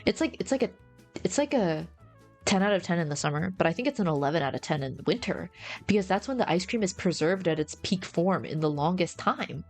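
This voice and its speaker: A woman with a low voice and a gravelly fry chats casually on a livestream. She rambles in slang, calls her viewers bro and answers their messages, with faint music playing behind her. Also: expressive, fairly quick. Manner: reads and answers chat. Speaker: streamer.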